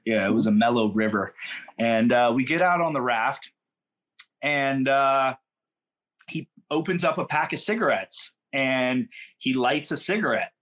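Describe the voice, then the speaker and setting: A man's voice: mid-range voice, a little slow, a bit bright. A middle-aged man from California, a podcast guest telling stories in a laid-back, slangy, rambling way. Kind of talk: casual storytelling in a podcast interview.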